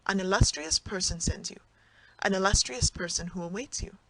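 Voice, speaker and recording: An audiobook narrator voicing a passionate young woman who reproaches her husband indignantly, in a clear reading voice. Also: medium pitch, moderate pace, fairly bright tone, slight background noise, lightly acted, poor audio. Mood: urgent.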